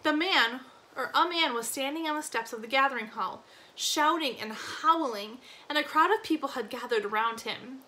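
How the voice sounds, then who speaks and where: Woman reading a novel aloud, expressive narration, bright clear tone, high voice. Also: normal speed, rough recording. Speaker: reader.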